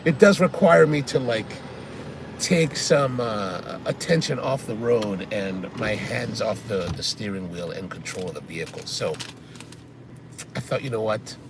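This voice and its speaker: Male car vlogger, casual and rambling, gravelly voice, faint road noise. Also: lowish voice, unhurried. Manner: chatty, rambling, answers viewer comments. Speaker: coffee vlogger. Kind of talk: casual chat while driving. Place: inside a car on the highway.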